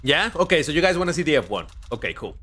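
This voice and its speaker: Lively, chatty young man streaming. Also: a little high, quick pace. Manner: animated, chatty, talks to viewers and his cat. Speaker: racing game streamer. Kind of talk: casual live-stream commentary.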